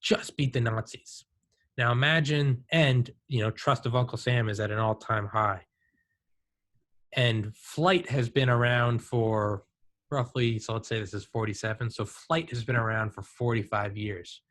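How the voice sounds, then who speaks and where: Animated man telling stories casually. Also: medium pitch, a little slow. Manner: animated storyteller, says "dude" and "like". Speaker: podcast host. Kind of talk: casual conversation.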